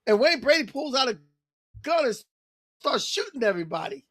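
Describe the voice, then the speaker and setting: A woman co-hosting a casual podcast chat, retelling a sketch with animated storytelling. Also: sits high, fairly quick, no room sound. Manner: animated storytelling, acts out quoted lines. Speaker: co-host.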